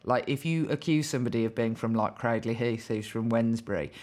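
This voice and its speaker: A woman with a West Midlands accent hosting a casual interview, talking with dry, wry humour and quick asides. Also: very deep voice, fairly even intonation, darkish tone. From West Midlands, England. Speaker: podcast host.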